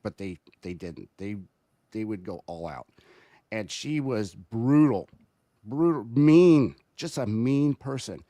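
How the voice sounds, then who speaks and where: Rambling low-voiced man. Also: slow pace, no echo. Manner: rambling, animated storytelling with restarts. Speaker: guest. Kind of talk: casual podcast chat.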